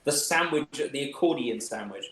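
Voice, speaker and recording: A man's voice: mid-range voice, expressive, moderate pace, a bit bright, echoey room, slight background noise, low-quality recording. A man running a tabletop game, describing the scene in a rambling, chuckling way. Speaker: game master.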